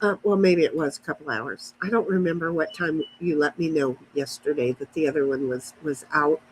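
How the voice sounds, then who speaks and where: A woman's voice: low-pitched, fairly quick, a little hiss or hum, rough recording. A woman chatting casually outdoors to viewers on a livestream, rambling as she answers comments from her chat on a phone. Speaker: livestream host. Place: outdoors in a backyard.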